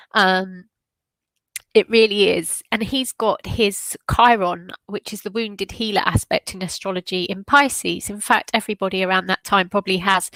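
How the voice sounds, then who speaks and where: Woman, tarot reader, rambling spiritual chat, runny nose, mid-pitched voice, dry room. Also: bright, forceful tone, dry recording. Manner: emotional, rambling, with fillers. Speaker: tarot reader hosting a weekly meditation. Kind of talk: casual spiritual talk.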